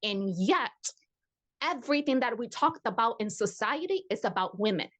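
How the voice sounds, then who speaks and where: High-voiced woman pressing her point. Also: lively intonation, normal speed, a little hiss or hum. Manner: pointed, persistent questioning. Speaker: podcast co-host. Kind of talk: casual podcast discussion.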